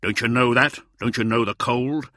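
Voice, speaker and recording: A man's voice: medium pitch, moderate pace, pushed and bright, no echo, studio quality, pitched above the performer's own voice, lightly acted. A man voicing a stern, hardened ice mariner. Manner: barking orders, stern. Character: hardened male ice mariner, blunt and commanding.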